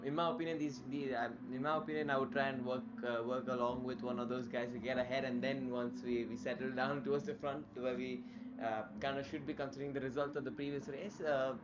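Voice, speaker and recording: A man's voice: mid-range voice, highs cut off, very noisy. A man co-commentating a racing event over a remote call, easygoing with lots of fillers. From India. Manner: easygoing, hesitant, many fillers. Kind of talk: live race commentary.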